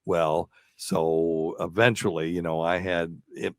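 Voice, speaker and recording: This is a man with a low, gravelly voice telling a rambling story on a radio talk show. He drifts through fillers and half-finished thoughts with an easy chuckle. The sound is close-miked and dry. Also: little pitch movement, takes it slowly, no room sound. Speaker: radio show host and doctor. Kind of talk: casual storytelling chat.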